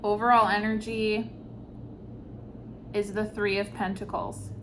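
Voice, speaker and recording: Woman doing a tarot reading, slow and soft, sighs a lot, bit of faint hiss behind. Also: medium pitch, level tone. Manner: slow, soft-spoken, reflective, with sighs and pauses. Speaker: tarot reader. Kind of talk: intuitive tarot reading to camera.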